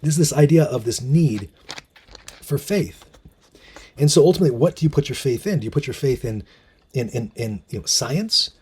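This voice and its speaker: A man's voice: mid-range voice, lively intonation, normal speed, pauses often, darkish tone, husky. A man hosting a casual monologue, musing with many fillers and restarts and reading out bits of articles. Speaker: host.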